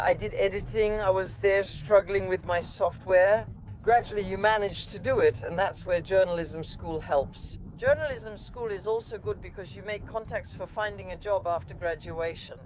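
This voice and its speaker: A woman's voice: mid-range voice, normal speed, poor audio. A woman, an automotive TV journalist, chatting casually from inside a car and explaining things with many asides. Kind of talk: casual conversation.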